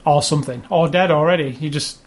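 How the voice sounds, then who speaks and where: A man's voice: on the high side, fast. Rambling man chatting about games. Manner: rambling, with many restarts and fillers. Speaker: podcast co-host. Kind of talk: casual chat about video games.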